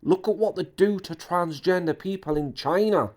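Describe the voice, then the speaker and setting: A man's voice: high-pitched, moderate pace, a little mellow. A man giving indignant, repetitive ranting commentary on an online drama.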